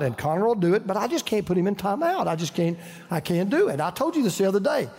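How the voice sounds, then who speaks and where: A man's voice: high-pitched, very animated, fast talker, long reverb tail. An older man with a Southern US accent, preaching a folksy sermon full of stories and restarts. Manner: folksy, storytelling, frequent restarts. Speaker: pastor.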